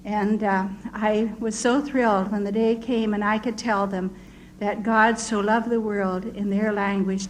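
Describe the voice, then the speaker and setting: A woman's voice: medium pitch, flat delivery, unhurried, slight background noise, poor audio. An older woman, a missionary, telling her story in an earnest, vivid way. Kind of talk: storytelling testimony.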